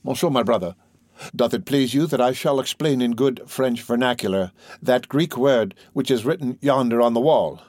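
A man reading an old novel aloud, voicing a spoiled young male scholar who talks in a coaxing, mock-innocent way, slightly higher than his narration. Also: normal speed, darkish tone, no room sound, studio quality, natural voice.

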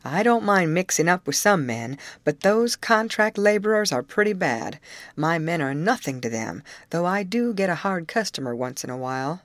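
A woman reading aloud, voicing a rough but honest middle-aged male labor contractor in a blunt, folksy way. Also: on the low side, expressive, moderate pace, no room sound, lightly acted. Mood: gruff, hearty.

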